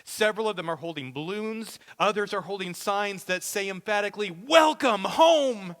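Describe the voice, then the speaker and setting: A man's voice: high voice, brisk, sharp tone. A male pastor preaching a sermon with vivid, dramatic storytelling.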